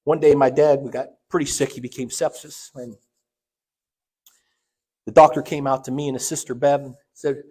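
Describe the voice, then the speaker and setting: A man's voice: mid-range voice, fairly even intonation, moderate pace, pauses often, darkish tone, slightly rough. A middle-aged man from Ohio, a church elder preaching a sermon, telling personal stories in a conversational way with restarts and acted-out voices. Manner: conversational, acts out quoted voices, many restarts.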